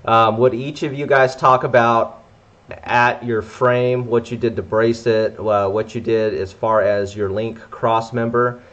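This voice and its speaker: A man's voice: fairly low pitch, lo-fi sound. A man hosting a casual chat, asking loose, slangy questions. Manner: laid-back, slangy, asks loose questions. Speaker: host.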